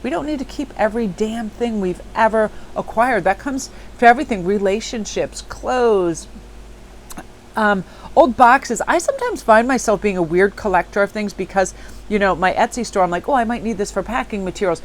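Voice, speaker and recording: A woman's voice: mid-range voice, animated, moderate pace, a little hiss or hum, low-quality recording. A woman hosting a tarot channel, talking in a chatty, upbeat and spiritual way. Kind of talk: casual reflective monologue.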